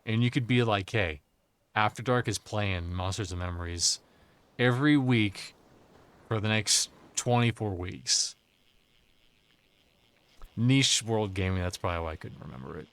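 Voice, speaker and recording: A man's voice: fairly low pitch, unhurried, long pauses, fairly bright tone, smooth. A man streaming a game live, chatting crudely and jokingly with his chat while a bit drunk. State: tipsy.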